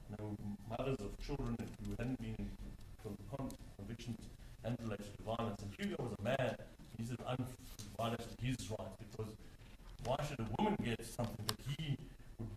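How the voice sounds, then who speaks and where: A man's voice: medium pitch, reverberant, noisy background. A man arguing a case in court as an advocate, stressing key words by repeating them. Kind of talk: courtroom legal argument.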